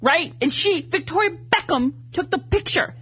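A man chatting as a talk show guest, telling an animated story and acting out his own reactions. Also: extremely high pitch, normal speed. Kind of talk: casual talk show chat.

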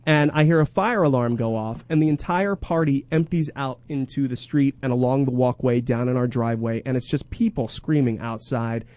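A man telling a comedic story in casual chat, animated and jumping into exaggerated high voices when quoting people. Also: moderate pace, hardly any pauses, no room sound.

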